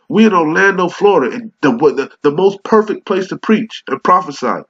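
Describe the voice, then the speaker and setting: Husky and fairly bright, a man's high, expressive voice moves at a moderate pace with few pauses. He's a street preacher with a cold, furiously cursing through a confrontational sermon and reading scripture in old English. The sound is dull and lo-fi.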